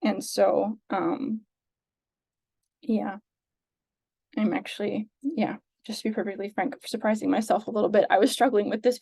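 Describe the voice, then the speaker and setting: A woman sharing reflections with a reading group on a video call, earnest and hesitant, with many pauses and fillers. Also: medium pitch, fairly even intonation, creaky, mellow, slightly rough, dry recording.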